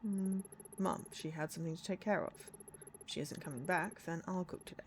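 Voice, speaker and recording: A woman's voice: lowish voice, fairly even intonation, brisk, a little hiss or hum, natural voice. A woman reading the lines of a kindly, patient, middle-aged father in a story game, with her own plain voice. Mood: reassuring.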